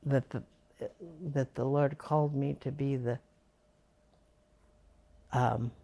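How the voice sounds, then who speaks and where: A woman's voice: extremely low pitch, fairly even intonation, slow, creaky, mellow. An older woman being interviewed for an oral history, reminiscing in a rambling way with many fillers.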